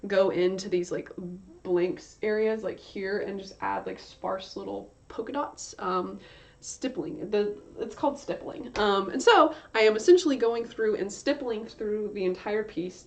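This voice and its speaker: A woman's voice: medium pitch, measured pace. A young woman chatting casually on her art livestream, rambling with lots of fillers and correcting herself as she goes. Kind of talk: casual livestream chat while drawing. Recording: slightly dull lo-fi stream audio.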